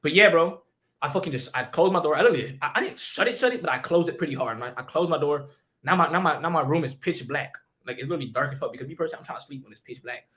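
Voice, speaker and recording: A young man on a stream tells a story at breakneck speed in a bright, sharp voice. His slang is profane, and he keeps repeating himself and restarting lines. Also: fairly high pitch, very fast.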